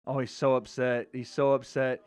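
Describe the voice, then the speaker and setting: An American man hosting a live fight watch party, reacting with loud, excitable exclamations. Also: medium pitch, moderate pace, clear, resonant tone, dry recording. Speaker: livestream host.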